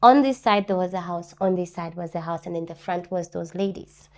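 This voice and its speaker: A woman with a lowish voice and brisk pace appears as an interview guest, earnestly telling her personal testimony. She repeats key phrases for emphasis and brings others' words to life in lively voices.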